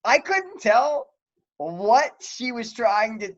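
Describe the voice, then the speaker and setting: Man, high voice, casual podcast chat, filler-heavy, dull lo-fi sound. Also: slow. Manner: animated, laughing, lots of fillers. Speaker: podcast co-host.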